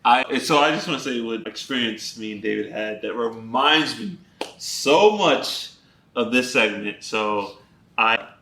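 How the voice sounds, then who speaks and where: Animated, laughing storyteller man. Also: mid-range voice, a little slow, roomy sound. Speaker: podcast co-host. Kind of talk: casual chat during a watch party.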